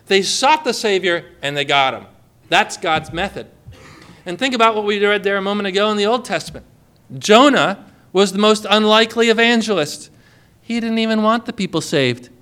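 A man delivers an emphatic sermon in a high, bright voice. He drives his points home and slips into quick voices for the people in his stories. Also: animated. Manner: emphatic, acts out quoted voices. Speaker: preacher.

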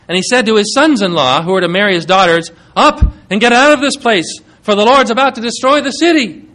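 High-voiced man preaching a sermon. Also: fairly bright tone. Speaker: pastor.

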